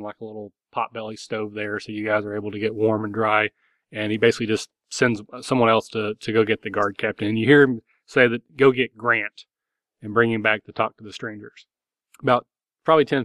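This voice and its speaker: A man's voice: lowish voice, sharp tone, no echo. A man narrating a tabletop game as game master, loose and rambling with many fillers.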